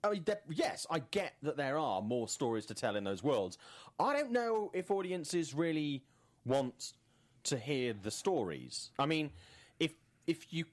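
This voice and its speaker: Punning man, very lively pitch. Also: a little slow. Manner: jokey, punning, very animated delivery. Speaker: podcast co-host. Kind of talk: casual movie news chat.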